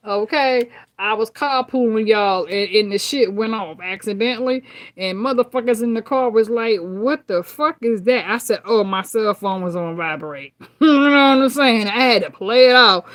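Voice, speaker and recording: A woman tarot reader chatting casually with viewers, brash and profane, laughing often. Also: mid-range voice.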